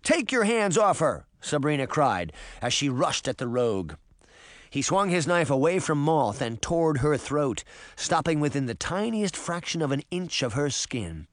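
Expressive male audiobook narrator. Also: fairly high pitch, normal speed, no room sound, studio quality. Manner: expressive, dramatic. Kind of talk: scripted narration.

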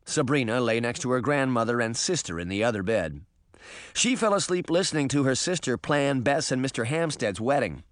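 Male narrator for a storybook, lively and expressive, dry close sound. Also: medium pitch, a little fast, no room sound. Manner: expressive, varied delivery. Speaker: audiobook narrator.

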